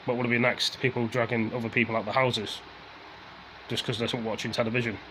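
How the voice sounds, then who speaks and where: A man's voice: mid-range voice, flat delivery, brisk, noisy background. A man ranting casually to his viewers, rambling and repeating himself as he airs his frustration. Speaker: vlogger.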